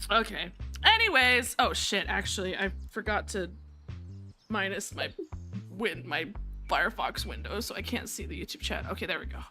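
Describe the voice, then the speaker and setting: A young woman streaming a game live, muttering to herself, swearing freely and breaking into sarcastic rants and loud outcries. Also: medium pitch, very animated, moderate pace. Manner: bursts into loud laughing outcries. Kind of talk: live gameplay commentary. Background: faint background music.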